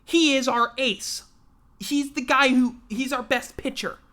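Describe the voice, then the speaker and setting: A woman with a drawl rants through a casual livestream sports recap, cursing freely and sounding exasperated. Her voice is bright and forceful and sits a touch high. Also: steady tone, measured pace. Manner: profane, exasperated ranting. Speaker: sports talk show host.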